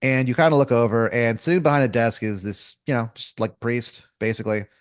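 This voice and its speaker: A man's voice: medium pitch, steady tone, brisk, smooth, dry recording, clean studio sound. A man running an improvised comedy story as game master, rambling and casual with lots of fillers, restarts and crude slang.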